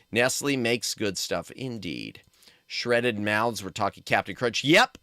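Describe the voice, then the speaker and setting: Lively, bright-voiced man streaming a game. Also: mid-range voice, no room sound, clean studio sound. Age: young adult. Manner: joking, chatty, reads chat aloud, yelps at deaths. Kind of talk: casual gaming stream chat.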